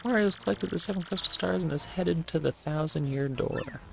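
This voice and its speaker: A gamer voicing an eager little winged mushroom soldier who reports in a flustered, hurried way. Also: medium pitch, gravelly, fairly bright tone, faint music behind, pitched above the performer's own voice.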